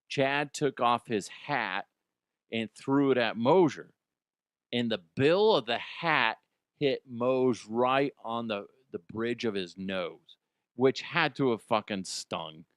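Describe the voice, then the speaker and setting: A middle-aged man hosts a casual sports podcast on his own, swearing freely and laughing as he goes. His voice is smooth and resonant, sitting in an ordinary middle pitch. The recording is dry and close, with no room sound. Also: fairly bright tone, no room sound. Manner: profane, joking, laughs often. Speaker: podcast host. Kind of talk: casual solo sports chat.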